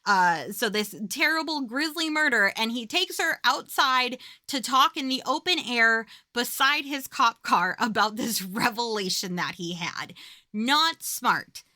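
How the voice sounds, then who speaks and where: Bright-voiced giggly woman podcast host. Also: fairly high pitch, lively intonation, a little slow, few pauses, no echo. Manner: chatty, giggly, swears freely, frequent fillers. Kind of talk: casual movie recap chat.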